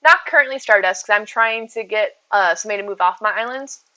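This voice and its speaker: A woman's voice: medium pitch, fast, bright, forceful tone, rough recording. A woman streaming live from home, chatting casually and answering viewers' messages as she goes. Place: at home with her cats.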